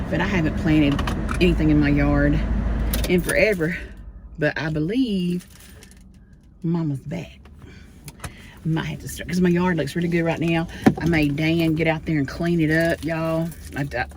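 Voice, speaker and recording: This is a middle-aged woman with a Texan accent and a deep, low voice. She rambles along in a casual, chatty way and talks straight to her viewers as if they were friends. It sounds like an easygoing home vlog. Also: noisy background. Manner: chatty, keeps addressing viewers as y'all. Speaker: vlogger.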